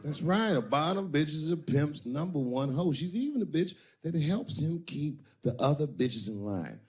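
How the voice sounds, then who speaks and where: A man's voice: on the high side, big pitch swings, moderate pace. A man performing stand-up, telling a story in a profane, theatrical way. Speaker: stand-up comedian.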